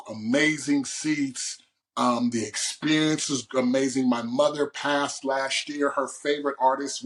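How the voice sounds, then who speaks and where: A man from Oakland speaking as a guest in an interview. He tells his story with boisterous, animated energy at a mid-range pitch. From Oakland, California. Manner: animated, storytelling, boisterous and loud when excited. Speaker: guest poet. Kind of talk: interview conversation.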